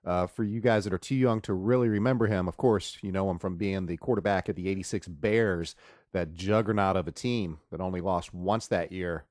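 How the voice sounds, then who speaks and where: A man hosting a podcast, casually rambling through joking sports stories after a loud, drawn-out opening. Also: low voice, no room sound, studio quality. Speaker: podcast host.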